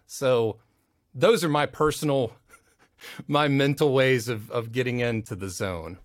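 A man's voice: medium pitch, measured pace, no room sound, clean studio sound. A man chatting as a podcast guest, telling anecdotes with energy and acting out the other people in them. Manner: animated storyteller, acts out the voices in his anecdotes. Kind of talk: casual storytelling chat.

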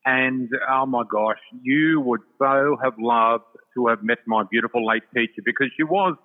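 Over a tinny, phone-like line with long reverb, an older Australian psychic guest chats through his story, effusive and heavy on fillers. His voice sits mid-range and moves at a normal speed.

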